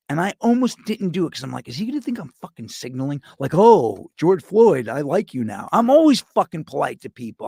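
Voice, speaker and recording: A middle-aged man rants into a close mic, swearing freely and jumping from one thought to the next. His voice sits fairly high and turns gravelly, and the sound is dry and direct. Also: dry recording. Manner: profane, rambling, sarcastic. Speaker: podcast host. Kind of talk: rambling comedic rant.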